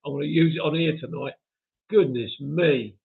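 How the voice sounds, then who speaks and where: A man's voice: a little high, moderate pace, vocal fry. A man hosting a live stream, reading viewer comments aloud in a chatty, self-mocking way and chuckling often. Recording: tinny phone-like audio.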